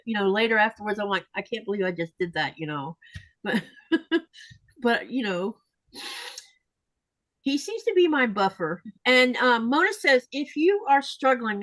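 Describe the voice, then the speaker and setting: A woman's voice: on the high side, a bit bright, dry recording, rough recording. A woman hosting a casual livestream chat, reading viewer comments aloud and sharing her own feelings.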